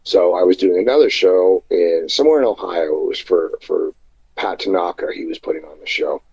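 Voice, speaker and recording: Husky deep-voiced man telling rambling stories. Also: a little mellow, lo-fi sound. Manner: rambling, halting anecdotes with many fillers. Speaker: wrestler guest. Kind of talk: casual storytelling interview. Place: indoors at night, remote call.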